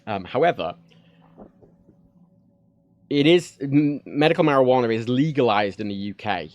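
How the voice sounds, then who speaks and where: In a casual livestream from home, a man from the United Kingdom talks frankly into a desk microphone, rambling with plenty of fillers and restarts. His medium-pitched voice is animated and moves at normal speed. There is no room sound, and the highs are cut off.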